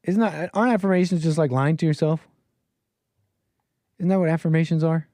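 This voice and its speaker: A man's voice: on the high side, steady tone, a little fast, mellow, no room sound, clean studio sound. A man hosting a call-in show, riffing in a mocking, rambling way and putting on silly voices to quote people. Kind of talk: casual on-air commentary.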